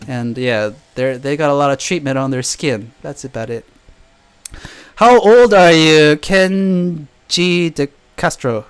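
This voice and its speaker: A man's voice: fairly high pitch, slow, clear, resonant tone. Chatty man telling stories, faint guitar behind. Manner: chatty storytelling, laughs often. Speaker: vlogger answering viewer questions. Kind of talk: casual live Q&A chat.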